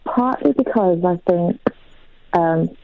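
A caller on a radio phone-in, shy and hesitant at first and gently teasing the host. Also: medium pitch, slow, vocal fry, slight background noise. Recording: muffled phone line.

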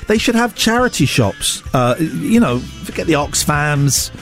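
A man's voice: fairly high pitch, measured pace, faint music behind. A man hosting a radio show, telling rambling jokey stories in casual chat. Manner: rambling, jokey, animated storytelling.

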